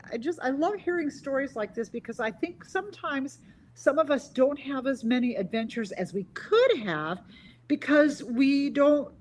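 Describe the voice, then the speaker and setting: A woman hosting a casual interview, her voice pitched high. She rambles warmly through her thoughts, restarting as she looks for the right words. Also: a little hiss or hum, rough recording. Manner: enthusiastic, rambling, searching for words. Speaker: host.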